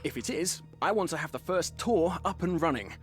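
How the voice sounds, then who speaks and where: A shifty young tour guide, voiced by a man in a mystery game, breezy and mocking, with an Australian-sounding accent. He dodges questions with flippant jokes, his pitch swinging widely. Faint music plays underneath. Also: expressive, normal speed, close to an everyday voice. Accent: Australian-sounding British attempt.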